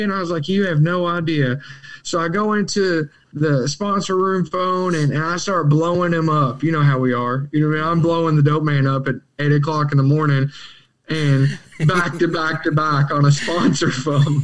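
A young man, his voice pitched a bit higher than most men's. He tells his story in casual, animated conversation, acting out the quotes and laughing often. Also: normal speed. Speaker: podcast guest in recovery.

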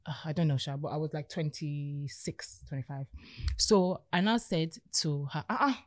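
A woman's voice: low voice, moderate pace, dry recording, clean studio sound. A woman in her thirties, co-hosting a podcast, telling a story in casual chat and acting out the quotes. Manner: animated storyteller, acts out quotes. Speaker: podcast co-host.

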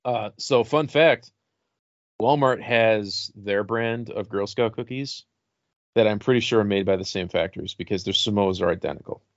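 A man's voice: on the low side, normal speed, no echo. A middle-aged man hosting a casual podcast chat, rambling and swearing freely as he tells stories. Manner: rambling, swears freely, laughs at own jokes. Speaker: podcast host. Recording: dull lo-fi podcast mic.

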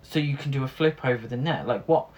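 A woman's voice: rumbling low, fast talker, darkish tone, muffled recording. Woman, podcast co-host, dry sarcastic film-recap chat. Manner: sarcastic, swears, laughs often.

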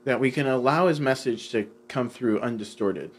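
A man's voice: mid-range voice, moderate pace, a little hiss or hum. A man in a casual spiritual discussion, explaining earnestly with many fillers.

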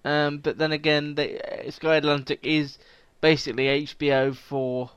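A man's voice: fairly high pitch, level tone, normal speed, a bit bright, clean tone, no echo. A man from England hosting a casual TV chat podcast, chatty and laughing often, trailing off mid-sentence. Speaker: podcast host.

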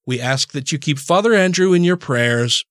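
A man hosts a podcast, chatting casually, laughing often and swearing freely. His voice is on the high side, with lively intonation, a moderate pace and a fairly bright tone. The recording is clean studio sound with no echo.

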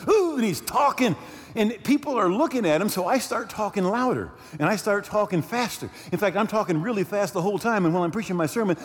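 A lively, high-voiced male pastor tells a story from the pulpit, his pitch leaping around as he talks to the congregation. Many asides and restarts pepper his delivery. The sound carries a long reverb, as in a church hall. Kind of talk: sermon. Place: church sanctuary.

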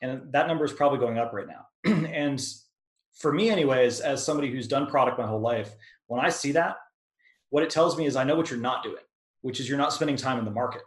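A man instructor talks through questions on a video call, loose and conversational, full of ums and restarts. His voice sits at an ordinary middle pitch. The sound has a roomy echo around it. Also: fast. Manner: conversational, lots of filler words and restarts. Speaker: product management instructor. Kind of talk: webinar Q&A answer.

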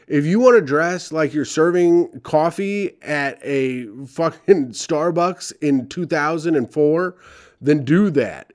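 A man's voice: on the high side, darkish tone. A young man reading advice letters aloud and ranting about them with sarcastic, profane commentary. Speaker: comedy podcast host reading advice columns.

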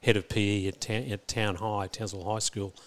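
Middle-aged Australian man, low register, thoughtful principal type, speaks in halting restarts. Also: flat delivery. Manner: thoughtful, many restarts and repeats. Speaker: school principal. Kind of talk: reflective interview talk.

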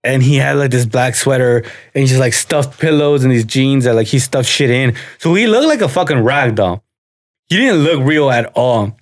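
A man's voice: mid-range voice, expressive, moderate pace. A young man co-hosting a podcast, telling stories in casual chat, profane and laughing often. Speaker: podcast co-host.

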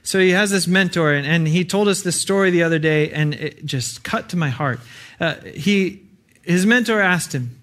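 A man's voice: fairly high pitch, normal speed, fairly bright tone. A young adult man preaching an earnest, conversational sermon with frequent fillers.

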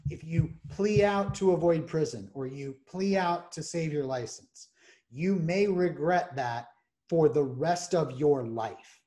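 Guy with a slightly high voice walking thru legal points one by one, steady podcast host. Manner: measured, lists points methodically. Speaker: criminal defense attorney host. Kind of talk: explanatory podcast talk.

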